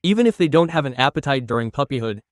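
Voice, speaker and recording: Speaking straight to viewers in an instructional video, a man from Turkey who trains dogs earnestly explains his methods and issues firm commands to a dog. He talks fast in a mid-range voice with lively intonation. The recording is studio quality, free of room sound.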